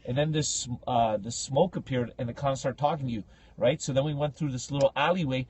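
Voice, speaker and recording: A man telling a story on a casual podcast, slangy and animated, acting out the people in it. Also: medium pitch, fairly quick, slight background noise. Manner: animated, acts out quoted speech with big loud jumps; slangy, says bro and like a lot.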